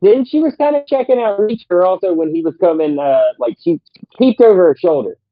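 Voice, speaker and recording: A man's voice: sits high, expressive, a little fast, no echo. A male guest giving blunt, candid opinions in a casual discussion of a show. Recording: dry, slightly lo-fi sound.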